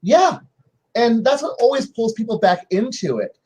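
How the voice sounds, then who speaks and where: A man's voice: very high voice, moderate pace, slightly rough. A man on a panel telling game stories in casual chat, acting out his players' lines and restarting often. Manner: animated anecdotes with many restarts and acted-out quotes.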